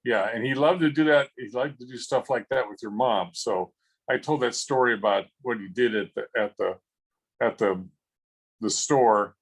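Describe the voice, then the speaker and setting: Speaking over a video call at a memorial, a man rambles through funny stories, chuckling and often restarting. His medium-pitched voice is slightly rough and moves at normal speed, and the recording itself is rough.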